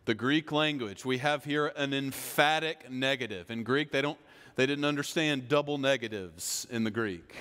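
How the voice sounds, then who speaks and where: A man preaching a sermon as pastor, slow and emphatic, building on repeated phrases. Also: medium pitch, a bit bright, smooth. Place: church sanctuary. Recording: long church reverb.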